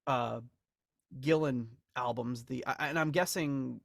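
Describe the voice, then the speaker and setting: A man talks through music memorabilia in a loose, rambling way, often restarting and laughing. His voice sits at a middle pitch, recorded dry and close. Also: takes it slowly, creaky, no room sound. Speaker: podcast co-host. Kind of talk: casual chat about album memorabilia.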